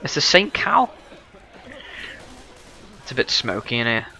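A man's voice: medium pitch, sing-song, measured pace, bright, forceful tone. A man giving sarcastic, exclaiming commentary while playing a video game. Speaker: gaming video host. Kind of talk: let's play commentary.

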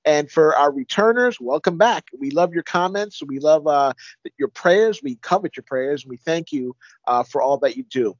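A man's voice: fairly high pitch, expressive, moderate pace, dry recording. A male co-host giving casual, incredulous commentary with some chuckling. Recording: dull, dry lo-fi audio.

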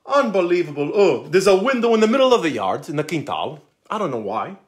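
A man's voice: high-pitched, big pitch swings, a little fast. A man reading a children's picture book aloud on a live stream, joking between the pages and slipping in words. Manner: playful, jokey asides, slips into Portuguese words.

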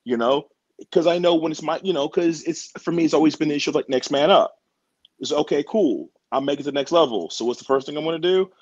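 A man's voice: a little high, quick pace, a little mellow, slightly rough, no room sound, highs cut off. A man being interviewed as a wrestler, talking in a laid-back, slangy way and laughing often. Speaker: wrestler guest. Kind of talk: casual interview chat.

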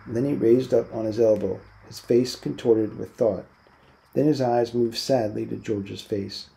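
Gravelly, mellow man reading a novel aloud. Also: medium pitch, steady tone, measured pace. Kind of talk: read-aloud narration.

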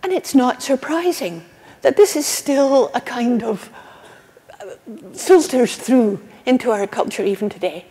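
A woman's voice: on the high side, animated, measured pace, warm tone. An older woman with a Scottish accent giving an earnest conference keynote lecture, with asides and restarts. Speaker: keynote speaker. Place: conference hall. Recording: long reverb of a conference hall.

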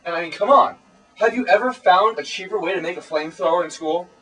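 A man's voice: sits high, quick pace, fairly bright tone, soft background music. A teenage boy co-hosting a comedy web show, lecturing in a pompous, mock-serious way. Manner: pompous, preachy mock authority. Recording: voice distant from camera mic.

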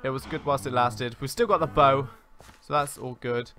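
A man hosting a casual let's-play, talking in a chatty, rambling way on a boom-arm desk mic at home. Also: fairly even intonation, normal speed, a bit bright. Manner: chatty and rambling, with many "like" fillers. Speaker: gaming channel host.

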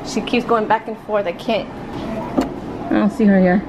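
A woman vlogging her family day, talking in an expressive, excitable way and dropping in Spanish phrases. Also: mid-range voice, moderate pace, background noise. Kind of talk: casual daily vlog. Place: home, then outside in a parking lot.

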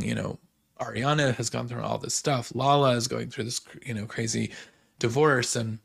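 Excitable gravelly-voiced man gossiping. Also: mid-range voice. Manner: excitable, lots of "like" fillers, quotes people in paraphrase. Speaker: podcast host recapping reality TV. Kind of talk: casual chatty recap.

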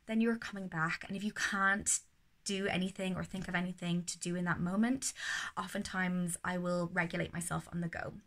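Woman, lowish voice, parenting educator, calm casual advice, soothing sing-song phrases. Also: normal speed.

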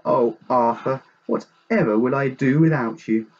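A man doing a grand, doting lady, high and fluting. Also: drawn-out words, husky, muffled recording, full character voice. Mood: forlorn.

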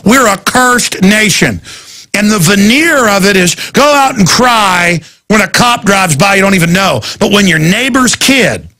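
A man's voice: high voice, sharp tone. A man hosting a talk radio show, delivering a heated, rambling and indignant monologue.

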